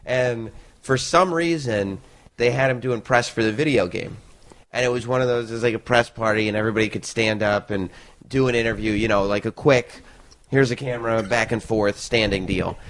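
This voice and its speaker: A podcast guest with a somewhat low voice tells stories in an animated, chatty way. He laughs often and jumps between his own voice and the people in his story. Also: a little fast. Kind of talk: casual storytelling.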